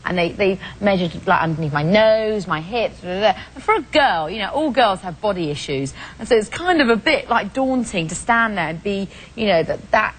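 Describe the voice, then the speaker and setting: A woman's voice: mid-range voice, moderate pace, few pauses, slightly rough, rough recording. Chatty British woman on a talk show. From England. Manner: chatty, animated storytelling. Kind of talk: casual chat.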